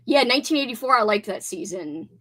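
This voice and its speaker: A woman's voice: high-pitched, expressive, fast talker, gravelly, a bit bright. A young woman hosting a livestream, chatting casually in a bubbly way and laughing easily. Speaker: livestream host. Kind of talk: casual chat.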